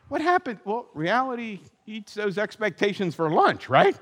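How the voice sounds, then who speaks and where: Animated male pastor in a reverberant hall. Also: high-pitched, moderate pace, few pauses. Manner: animated, acts out voices of hopeful and disappointed people. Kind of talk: sermon. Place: church sanctuary.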